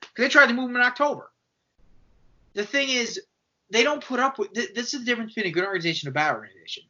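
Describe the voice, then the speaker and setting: A man co-hosting a casual sports podcast, animated and argumentative, acting out quoted voices as he makes his point. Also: extremely high pitch, rapid-fire. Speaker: podcast co-host. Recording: dull lo-fi podcast audio.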